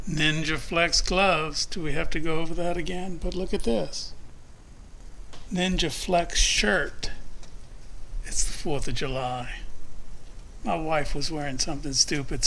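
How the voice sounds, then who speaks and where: A man hosting a casual how-to video, talking in a jokey, deliberate way. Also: fairly high pitch, pushed and bright, a little hiss or hum. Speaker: opal cutter and channel host. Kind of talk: casual instructional vlog.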